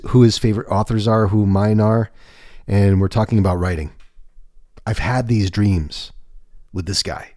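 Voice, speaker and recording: A man's voice: on the low side, a little mellow, dry recording, studio quality. A man hosting a livestream, chatting casually in a rambling, candid way with some swearing. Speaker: livestream host.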